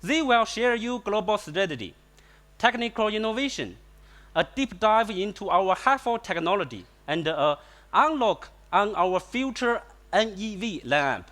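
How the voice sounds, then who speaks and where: High-pitched exec guy reading a prepared speech on stage, short chopped phrases. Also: very animated, measured pace, a bit bright. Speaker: company executive. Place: event stage.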